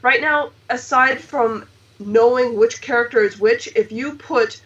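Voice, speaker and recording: A woman's voice: on the high side, unhurried, fairly bright tone. A woman hosting a casual panel chat over a video call, giving emphatic opinions with many fillers. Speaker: host. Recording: distant, dull lo-fi mic.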